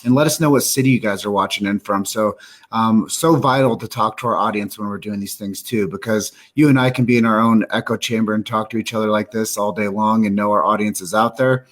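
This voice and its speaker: A live show host with a fairly low, steady voice talks a little fast in a casual live-stream chat. He speaks earnestly and upbeat, addressing his viewers directly.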